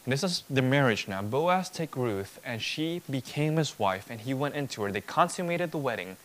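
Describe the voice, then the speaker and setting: A man's voice: mid-range voice, lively intonation, moderate pace, a bit bright, a little hiss or hum. A man preaching an expository sermon, emphatic, building points through rhetorical repetition.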